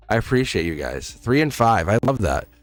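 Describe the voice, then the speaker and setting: Laid-back guy rambling to his stream chat, lots of little laughs, quiet music behind. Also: fairly low pitch, no room sound. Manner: rambling, encouraging, laughs often; talks straight to chat viewers. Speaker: tarot reader streaming live. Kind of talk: casual livestream chat.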